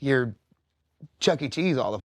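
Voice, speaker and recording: An earnest man in his thirties talks openly as a podcast guest. He rambles, circles back and restarts his thoughts at a mid pitch, and the dry close mic carries no room sound. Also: expressive, measured pace, no room sound. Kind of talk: candid conversational interview. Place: podcast studio.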